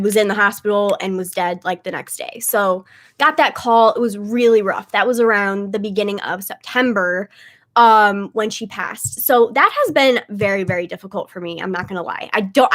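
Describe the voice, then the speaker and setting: A young woman with a mid-range, fairly bright voice hosts a casual livestream as a tarot reader. She chats away, full of "like" and "um," while holding back tears and sounding close to crying.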